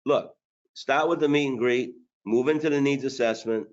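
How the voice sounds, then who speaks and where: On a webinar, a male sales trainer coaches sales managers in a blunt, hard-driving way while tossing in jokes. His voice is medium-pitched at a moderate pace, and the recording is lo-fi.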